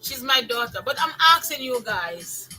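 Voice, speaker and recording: An older woman with a Jamaican accent, telling stories in a casual monologue, lively, repeating phrases for emphasis and slipping into patois. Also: a little high, moderate pace, faint music behind, poor audio. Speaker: vlogger.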